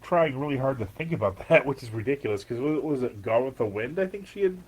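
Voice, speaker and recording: A man co-hosting a podcast, chatting in an animated, rambling way full of fillers. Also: mid-range voice, quick pace, slightly rough, poor audio. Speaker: podcast co-host. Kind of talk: casual chat recapping a TV episode.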